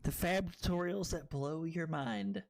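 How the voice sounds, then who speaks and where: A man streaming a card game live, excitable and tipsy, swearing and bursting into yells. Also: a little high, a little slow.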